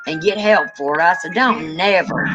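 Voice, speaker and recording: A woman co-hosting a livestream in casual chat, telling a long story and jumping up in pitch when she quotes people. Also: moderate pace, lo-fi sound, over music. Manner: animated storyteller, rises high when quoting. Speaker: livestream co-host.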